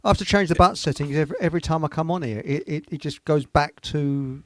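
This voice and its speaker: A man hosting a casual radio chat from a home computer microphone, making deadpan, self-deprecating jokes. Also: on the high side, fast, dry recording. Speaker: host.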